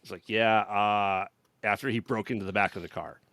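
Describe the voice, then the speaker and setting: A man's voice: fairly low pitch, fairly even intonation, moderate pace, fairly bright tone, dry recording. A man co-hosting a podcast, recapping a movie in casual chat, rambling and laughing often as he paraphrases characters. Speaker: podcast co-host.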